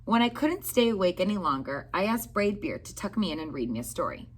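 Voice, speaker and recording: Lively woman reading a storybook aloud. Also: mid-range voice, a little fast. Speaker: teacher.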